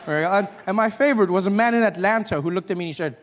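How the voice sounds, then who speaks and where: A man performing a stand-up comedy set in a live venue, playful and acting out characters with sudden shouted outbursts. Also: sits high, very fast. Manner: playful, acts out characters with loud shouted bits.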